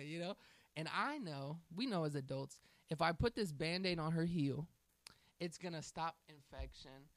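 A man's voice: on the high side, moderate pace, a bit bright, dry recording. A man hosting a faith talk, telling a family story in an earnest, preaching way. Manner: earnest storytelling, acts out quoted voices.

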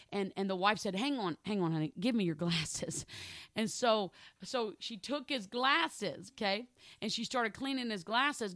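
Woman preacher, conversational sermon that climbs into fervent, loud preaching; fairly high voice, dry close sound. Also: no room sound. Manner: conversational, repeats words, rises to loud impassioned preaching.

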